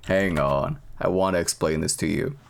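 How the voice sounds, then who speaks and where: A man's voice: low-pitched, moderate pace, creaky. A man streaming, chatting casually and profanely, rambling and laughing at himself.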